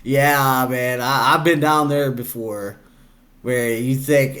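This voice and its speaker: A man's voice: medium pitch, steady tone, takes it slowly, a bit bright. A young man hosting a reaction video, talking casually and chattily, and laughing often. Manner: chatty, laughs often, acts out quoted voices.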